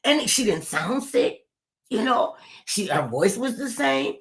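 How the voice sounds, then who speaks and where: An older woman telling a personal story in a casual interview, animated and expressive. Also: measured pace, gravelly. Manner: animated, acts out quoted voices with big pitch jumps.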